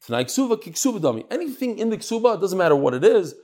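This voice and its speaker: Animated man teaching Talmud. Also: sits high, quick pace. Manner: mixes Yiddish-Hebrew terms into English, acts out dialogue.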